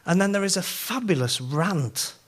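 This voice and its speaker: A middle-aged man with a Yorkshire accent, giving a sermon as a conference speaker and telling self-mocking stories in an animated way. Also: high-pitched, moderate pace. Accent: Yorkshire English.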